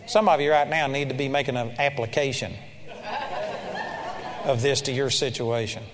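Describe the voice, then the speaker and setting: Man, sermon, earnest exhorting storyteller, somewhat high pitch, reverberant hall. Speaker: preacher.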